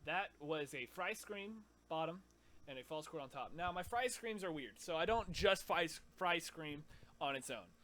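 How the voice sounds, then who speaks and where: A man casually explaining his scream techniques, stopping mid-sentence to demonstrate growls and shouts. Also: on the high side, animated, moderate pace, background noise. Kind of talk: casual vocal tutorial.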